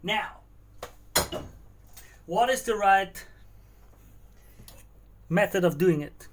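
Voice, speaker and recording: A man with a high voice hosts a cooking livestream from his kitchen. He chats casually, answers his viewers and thinks out loud as he cooks. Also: drawn-out words. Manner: chatty, answers chat and muses aloud while working. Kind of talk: casual live-stream chat while cooking. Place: home kitchen.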